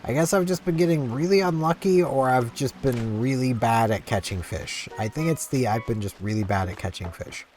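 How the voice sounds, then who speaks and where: A man's voice: medium pitch, moderate pace, hardly any pauses, darkish tone, faint music behind. A sleepy man rambling chattily through casual gameplay commentary. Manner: rambling, chatty, easily amused. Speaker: gaming channel host.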